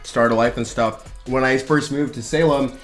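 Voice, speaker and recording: A man hosting a casual interview, talking in halting, rambling sentences full of fillers and restarts. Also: mid-range voice, fairly even intonation, faint music behind. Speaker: host of a hot wings interview parody.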